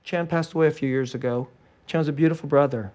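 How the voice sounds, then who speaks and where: A male pastor preaching a sermon in an animated way, acting out little scenes and laughing often. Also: a little high, fast talker. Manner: animated, acts out scared and joyful voices, laughs often.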